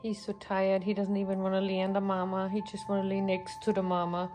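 A woman's voice: mid-range voice, completely flat delivery, quick pace, over music. Woman chatting about her pet dogs. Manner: coos at the dogs in baby talk. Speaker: pet vlogger, dog owner. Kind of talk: casual vlog talk to camera and dogs.

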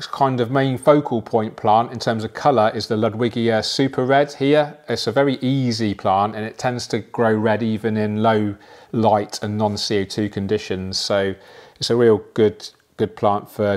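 A man casually explaining how he plants an aquarium, chatty and relaxed, with frequent fillers and asides. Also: lowish voice, measured pace. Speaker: aquascaping presenter.

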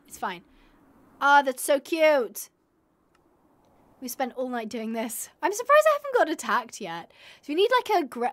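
A young woman streaming a game live, chatting to viewers and gushing and squealing over cute animals. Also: on the high side.

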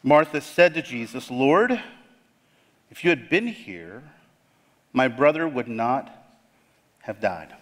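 A man pastor preaching a sermon with dramatic emphasis, leaning hard on key words and dropping to a hush on the weightiest ones. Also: medium pitch, sing-song, slow, long pauses. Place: church sanctuary. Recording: long hall reverb.

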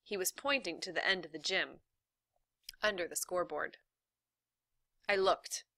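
A woman reading a novel aloud in a steady, even narration. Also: fairly low pitch, a little slow, gravelly, no room sound, studio quality. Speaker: reader.

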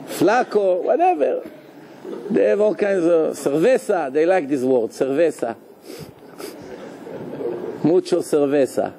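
A man, a rabbi, giving a live Torah lecture in a lively, joking way, questioning his listeners and sprinkling in Hebrew terms. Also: on the high side, measured pace, long pauses, background noise.

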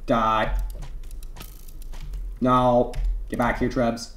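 A young man narrates his gameplay with playful, mock-stern trash talk. He speaks slowly, drawing out his words. The recording has a noticeable room echo, with keyboard typing audible behind him. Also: mid-range voice, completely flat delivery, a bit bright, a little hiss or hum. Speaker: gaming YouTuber. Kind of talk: gameplay commentary.

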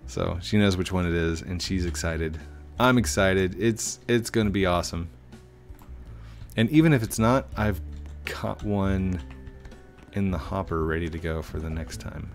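A man's voice: low-pitched, a little slow, faint music behind. A middle-aged man hosting a gaming channel, chatting playfully and rambling to himself while he plays. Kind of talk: casual gameplay commentary. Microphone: desk microphone.

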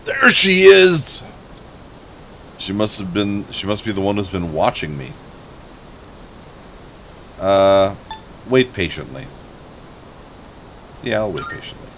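A man's voice: sits low, a little slow, long pauses, slight background noise. A young man giving casual, sarcastic gameplay commentary as a let's play host, swearing freely and joking at the game.

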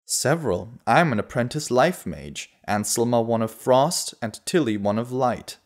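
A man's voice: mid-range voice, lively intonation, moderate pace, lightly acted. A man voicing a proud, blunt young female elf in an audiobook, in a dismissive way.

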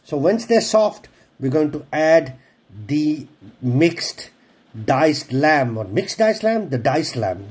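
A man's voice: a little high, big pitch swings, takes it slowly, darkish tone, breathy edge. A man presenting a home cooking video in a casual, jokey way, swearing freely and poking fun at himself. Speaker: home cook presenting a recipe.

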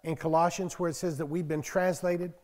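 This is a pastor in his sixties giving a conversational sermon to a small congregation, his voice pitched a bit higher than most men's, steady in tone and a little fast. He's folksy, telling stories, then breaks into loud emphasis when reading scripture. A long reverb from the church hall trails his words.

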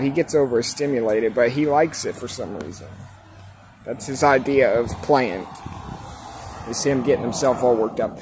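A man's voice: mid-range voice, moderate pace, darkish tone, a little hiss or hum. A man filming his outdoor cats, talking to them in a laid-back, chatty, teasing way and explaining their habits. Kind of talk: casual vlog narration. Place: outdoors at home.

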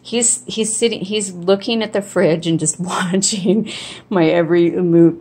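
This woman speaks in a lowish, unhurried voice that's a little mellow and slightly rough. She holds her phone as she films a casual home video in her kitchen, showing off some dog training while rambling along chattily with plenty of ums and false starts.

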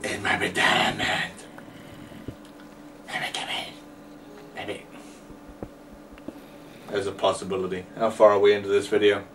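A man's voice: lowish voice, completely flat delivery, a little slow, pauses often, fairly bright tone. A man rambling and joking to himself while commentating his game, with a distant mic and faint noise. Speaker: gamer. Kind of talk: let's play commentary.

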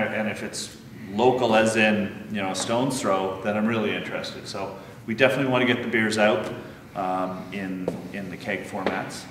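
A brewery owner with a low-pitched voice talks eagerly in a casual interview, chatty and full of fillers, with background noise. He's in a large unfinished building, recorded from far off in an echoey hall.

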